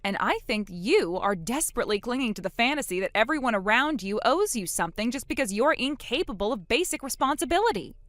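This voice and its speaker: A woman's voice: a little high, very animated, fast talker, few pauses, no echo, studio quality. Sarcastic woman narrating a text story. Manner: sharp, sarcastic comebacks.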